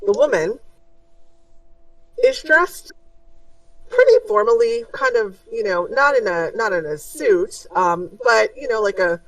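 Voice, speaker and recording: A woman narrating a tabletop game as game master, unhurried and descriptive, with frequent fillers. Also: on the high side, sing-song, dry recording. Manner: unhurried, many ums, descriptive. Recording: distant mic, dry room.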